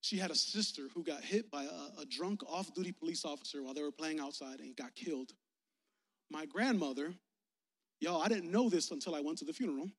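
A youth pastor with a high-pitched man's voice preaches candidly to his congregation. His talk is personal and emotional, and he often speaks straight to the crowd. It rings with the long reverb of a church hall. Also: a little fast. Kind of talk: personal, conversational sermon.

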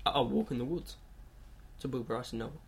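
A man's voice: mid-range voice, quick pace, gravelly, a little hiss or hum. A man co-hosting a casual podcast, chatting and teasing his friend with plenty of swearing. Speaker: podcast co-host.

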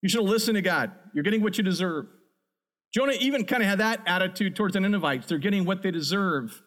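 A man's voice: high voice, expressive, fast talker, a bit bright. A man preaching a sermon as a pastor, earnest and emphatic.

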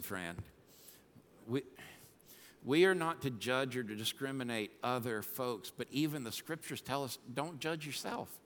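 Fired-up pastor in a big hall. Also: male voice, medium pitch, slight background noise. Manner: fired-up, swings from soft to shouting. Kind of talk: sermon. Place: church sanctuary. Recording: long hall reverb.

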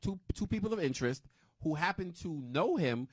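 Loud jokey dude hosting, high voice that swings all over, dry mic. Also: male voice, lively intonation, brisk, breathy edge, no room sound. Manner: loud, joking, swears freely, laughs a lot. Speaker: co-host. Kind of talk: casual radio chat.

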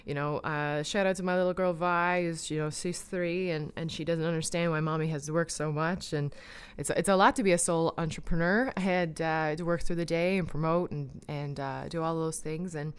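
A woman in her thirties from Canada, hosting a podcast and leading a breathing exercise, talking in a rambling, heartfelt way with many pauses and restarts. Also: low voice, steady tone, clean tone. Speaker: podcast host and breathwork guide. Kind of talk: casual heartfelt thank-yous, then guided breathing.

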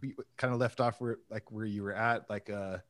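A man's voice: lowish voice, fairly even intonation, moderate pace, fairly bright tone, dry recording. A man in casual chat who eagerly jumps in with stories from the band's past. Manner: eager, interjecting, chatty. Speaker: band member.

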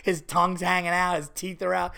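A middle-aged man hosting a podcast, telling stories in a casual, animated way while fighting off a cold. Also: high-pitched, a little fast, vocal fry, clean tone. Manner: animated storytelling, exaggerated retelling. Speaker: podcast host.

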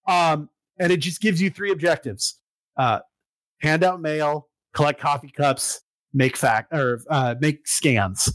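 A man in casual chat, recapping a video game story with lots of fillers and swearing, getting excited about it. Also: fairly high pitch, takes it slowly, dry recording, rough recording.

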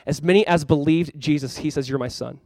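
A man's voice: a little high, fairly quick, darkish tone, no room sound, studio quality. A young man preaching a sermon to his church as pastor, earnest and conversational, with many fillers.

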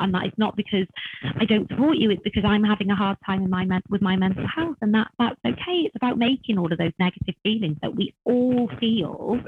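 A woman's voice: a little high, a little fast. Woman co-host, candid and sweary, tinny phone-quality line with faint hiss. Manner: candid, animated, swears freely. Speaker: podcast co-host. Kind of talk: casual chat.

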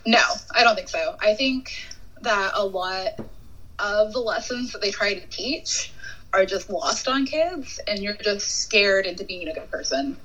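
A woman giving her opinions in a casual podcast film discussion, rambling and filling pauses with "like". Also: medium pitch, animated, pushed and bright, low-quality recording. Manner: rambling, heavy use of "like".

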